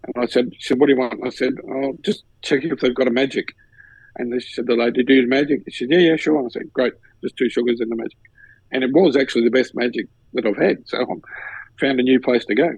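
Aussie guy with a gravelly husky voice, chatty storyteller, dry close sound. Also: mid-range voice, quick pace, no room sound, poor audio. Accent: Australian. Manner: animated storyteller, acts out others' lines. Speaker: podcast co-host. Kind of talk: casual storytelling chat.

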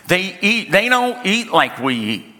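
Animated storytelling preacher in a big hall. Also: male voice, high-pitched. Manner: storytelling with humor, emphatic slowdowns. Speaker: pastor. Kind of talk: sermon. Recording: reverberant hall.

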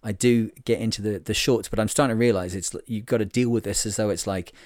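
A man's voice: fairly low pitch, fairly even intonation, fast talker, a little mellow, no echo, clean studio sound. A man hosting his own podcast, talking casually on his own, rambling and joking at his own expense with lots of fillers. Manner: rambling and jokey, with many fillers and self-mocking asides. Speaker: podcast host. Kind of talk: casual solo podcast monologue.

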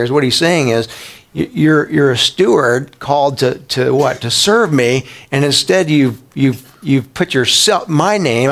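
Male pastor, mid-pitched voice, conversational Bible sermon, lots of questions to the room and restarts. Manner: conversational, asks the congregation questions; repeats words as he restarts.

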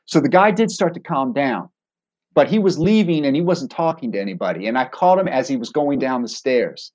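A middle-aged man, a former hostage negotiator, telling a story from his own experience as a podcast guest. He speaks in a calm, deliberate way and pokes fun at himself with wry laughs. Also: mid-range voice. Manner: self-deprecating, with wry laughs. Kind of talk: anecdotal storytelling in a podcast interview.

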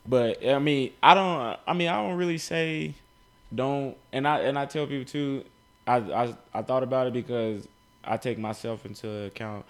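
A young man talking in casual chat, halting and hedging, with many restarts. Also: mid-range voice. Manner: halting, hedging talk full of fillers.

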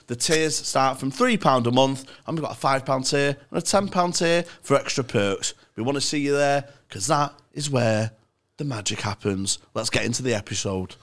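A man's voice: medium pitch, normal speed, a bit bright. Young male comedy podcast co-host, crude laddish banter. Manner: swearing, laddish, jokey.

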